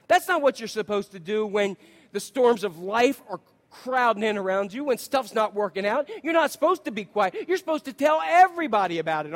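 A man preaching a sermon, telling stories with lively acted-out quotes and asking his listeners questions. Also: high voice. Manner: animated storytelling, acts out quotes, asks the congregation questions. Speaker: pastor.

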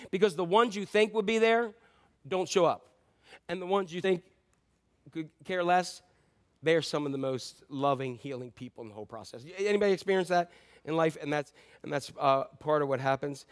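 A middle-aged male pastor preaching a sermon, telling stories in a conversational way and swinging between loud emphasis and quiet asides. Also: fairly high pitch.

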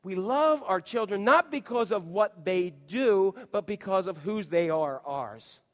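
A male pastor preaches in a reverberant church, and his fairly high voice rings through the long hall echo. He tells stories with energy and slips into little acted voices. He talks straight to the congregation. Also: unhurried. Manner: animated storytelling, acts out voices and shouts. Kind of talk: sermon. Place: church sanctuary.

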